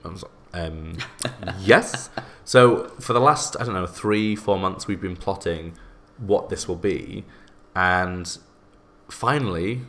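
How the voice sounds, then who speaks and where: A young man co-hosting a podcast, chatting casually and laughing often in quick bursts. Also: sits low, a bit bright. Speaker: podcast co-host and guest editor.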